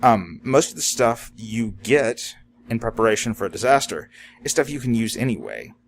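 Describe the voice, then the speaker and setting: A man's voice: mid-range voice, sing-song, moderate pace, slight background noise. Plain-spoken man musing to camera. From Florida, USA. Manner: plain, reflective, with frequent "you know" and "um". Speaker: vlogger on disaster preparedness. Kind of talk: casual unscripted monologue.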